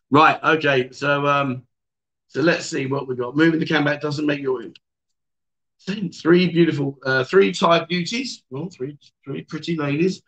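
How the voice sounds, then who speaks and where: A man's voice: on the high side, steady tone, measured pace, fairly bright tone. A man hosting a casual livestream, reading out viewer comments and teasing his guests. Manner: joking, teasing, chatty. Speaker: livestream host. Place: bar or venue indoors.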